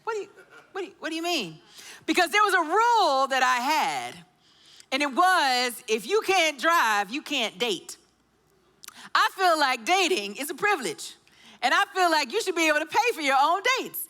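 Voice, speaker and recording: A woman's voice: high-pitched, sing-song, moderate pace, pushed and bright. A middle-aged woman preaching a sermon in a church, telling a story and acting out the quotes. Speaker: pastor.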